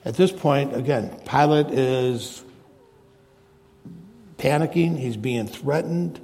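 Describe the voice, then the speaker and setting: A male preacher teaching through scripture in a sermon, retelling each scene in plain words. His voice is mellow and a little gravelly. A long reverb from a large hall trails behind him. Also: medium pitch, slow. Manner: expository Bible teaching, paraphrasing scripture.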